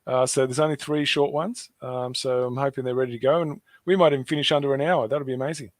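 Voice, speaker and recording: A man's voice: mid-range voice, fairly even intonation, fast, dry recording. Earnest Australian man talking casually. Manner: earnest, repeats himself, many fillers. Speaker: host. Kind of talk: casual online show chat.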